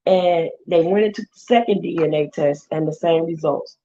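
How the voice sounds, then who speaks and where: A woman vlogger, casually retelling a story with lively quoted voices. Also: low voice, normal speed, hardly any pauses, lo-fi sound.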